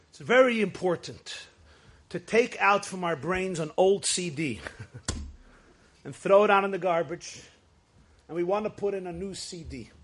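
Brief: high-pitched male Torah teacher, emphatic, storytelling delivery with Yiddish and Hebrew phrases. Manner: emphatic, rises to shouts for stress. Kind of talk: Torah class lecture.

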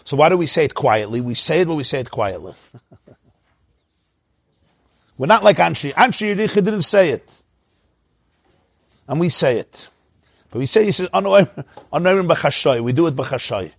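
Husky guy teaching torah, voice jumps way up and down, dry close sound, slightly high. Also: moderate pace, pauses often, no room sound. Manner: animated, laughs often, swoops up into a high voice. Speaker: rabbi teaching a class.

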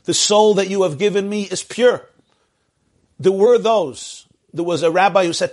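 A man's voice: high voice, normal speed. A man teaching a sermon-style lecture as a rabbi, impassioned and building through repeated phrases.

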